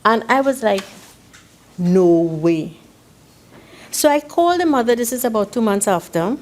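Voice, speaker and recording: Animated woman giving a speech. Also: on the high side, fast. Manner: animated storytelling, acting out dialogue. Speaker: member of parliament. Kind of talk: parliamentary speech. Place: parliament chamber.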